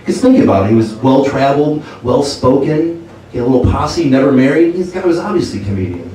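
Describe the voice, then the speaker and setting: A man's voice: mid-range voice, animated, fast talker, mellow, slight background noise. A man doing a stand-up comedy set with brash, crude punchlines. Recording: echoey club from far off with crowd. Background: crowd laughing.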